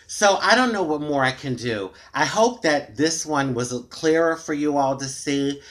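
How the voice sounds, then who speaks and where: A woman's voice: deep voice, animated, a little slow. American woman rambling to her tablet cam at home, candid, lots of "you know"s. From United States. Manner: chatty, candid and frustrated, rambling with many fillers. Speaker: vlogger. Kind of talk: casual talk to camera. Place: dimly lit room at home. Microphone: tablet camera microphone.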